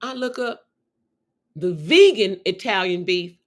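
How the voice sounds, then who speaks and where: A woman's voice: fairly high pitch, moderate pace. Woman host, middle-aged, casual storytelling, exuberant, swoops up and down a lot. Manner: exuberant, animated storyteller with lots of exclamations. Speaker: show host.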